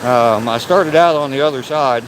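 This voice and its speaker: A man's voice: mid-range voice, moderate pace, noisy background. An older man hosting a casual livestream, chatting loosely and swearing now and then as he walks down a rocky trail by a waterfall. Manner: walking down a rocky trail while talking. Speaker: livestreaming vlogger. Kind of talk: casual live-stream chat. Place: outdoor forest trail by a waterfall.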